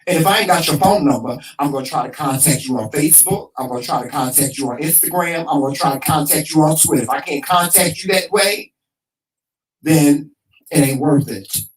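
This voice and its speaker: A man's voice: a little high, fairly quick, distant mic, low-quality recording. Frustrated man ranting, set back from the mic. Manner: emphatic, repetitive, swears freely, preacher-like cadence. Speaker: talk show co-host. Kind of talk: heated casual talk show rant.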